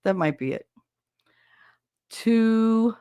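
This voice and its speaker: A woman's voice: a little high, lively intonation, slow pace, dark tone, smooth, no room sound, clean studio sound. A woman hosting a podcast from her bedroom at home, chatting casually with her live viewers, swearing freely and laughing often at herself. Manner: chatty and self-mocking. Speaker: podcast host.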